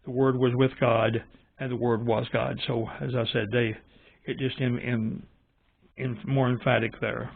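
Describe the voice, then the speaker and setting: A man hosting his own channel, giving casual, opinionated commentary in a musing, halting way. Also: mid-range voice, little pitch movement, creaky, slightly rough. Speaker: channel host reviewing Bible translations. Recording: dry, tinny phone-like audio.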